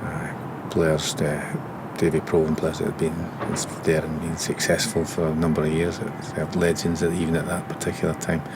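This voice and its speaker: A former footballer earnestly recalling an embarrassing first day in an interview. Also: male voice, extremely low pitch, completely flat delivery, normal speed, noisy background. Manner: earnest, self-deprecating. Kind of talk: reflective interview.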